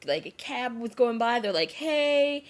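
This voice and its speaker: A young woman vlogging to a self-filmed camera, retelling a story in a rambling, animated way with lots of "like" and restarts. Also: on the high side, moderate pace. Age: young adult. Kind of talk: casual storytelling vlog.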